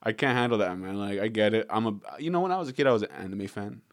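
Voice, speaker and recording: A man from Southern California rambles through a casual podcast chat. He swears freely and laughs often, and his voice sits a little low. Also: fast, no echo, clean studio sound.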